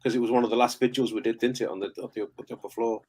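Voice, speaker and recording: A man's voice: mid-range voice, steady tone, racing, darkish tone, slightly rough, poor audio. Rambling man telling a story. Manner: rambling, stop-start, with many restarts and fillers. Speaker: paranormal investigator guest. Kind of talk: casual storytelling chat. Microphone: remote live call.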